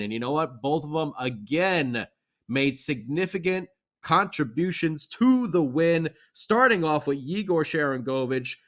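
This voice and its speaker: Bright, enthusiastic sports-talk man. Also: on the high side, animated, a little slow. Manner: rambling, enthusiastic, fan banter. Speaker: podcast co-host. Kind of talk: sports recap commentary.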